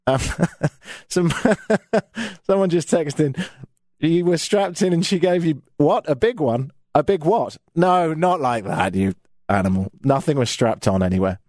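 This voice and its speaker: A man's voice: on the high side, measured pace, darkish tone, no room sound. A man from Britain hosting a radio show, telling a self-mocking comic story from his studio microphone.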